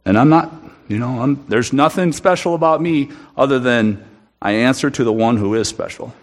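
A man's voice: medium pitch, moderate pace. A man giving an earnest, emphatic sermon testimony in a church room, often restarting his sentences. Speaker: guest speaker at a church.

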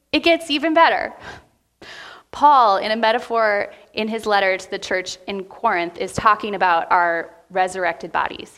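A woman pastor preaching a heartfelt sermon to her church, speaking with emotion and deliberate pauses. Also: mid-range voice, a bit bright. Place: church sanctuary.

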